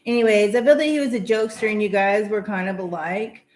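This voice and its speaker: A woman's voice: mid-range voice, steady tone, fast talker, a little mellow. A woman hosting a live tarot reading stream, talking casually and rambling with lots of fillers. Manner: chatty, rambling, many fillers. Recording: echoey room.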